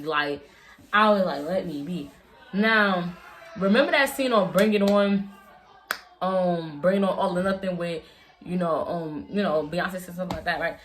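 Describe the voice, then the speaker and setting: Young woman, lowish voice, casual slangy storyteller, rambles, restarts a lot. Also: normal speed, fairly bright tone. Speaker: vlogger.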